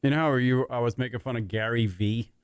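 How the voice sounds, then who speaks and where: A man's voice: mid-range voice, steady tone, fast, smooth, dry recording. Middle-aged guy on talk radio, cursing nonstop, rambly, dry studio sound. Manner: swears constantly, rambling with fillers. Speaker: radio show host. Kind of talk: casual talk radio banter.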